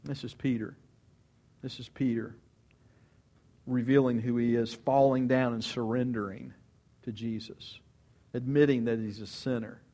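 A man's voice: medium pitch, little pitch movement, a little slow, long pauses, warm tone. A man preaching a sermon, telling stories with animation, asking rhetorical questions and acting out quotes. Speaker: pastor.

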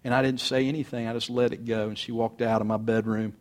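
A middle-aged pastor preaching a sermon, earnest, swinging between loud urging and soft confiding. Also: male voice, medium pitch, little pitch movement, fast talker.

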